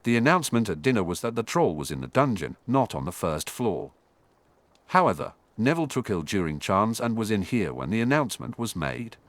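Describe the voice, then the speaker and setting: A man voicing a calm, earnest young wizard boy. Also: fairly low pitch, brisk, no room sound. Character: calm eleven-year-old wizard boy.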